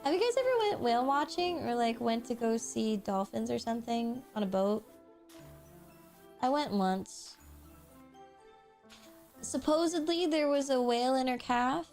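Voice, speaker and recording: A woman streaming while she plays a game, telling stories in a giggly, animated way, laughing often and swearing casually. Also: a little high, a little slow, long pauses. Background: faint background music.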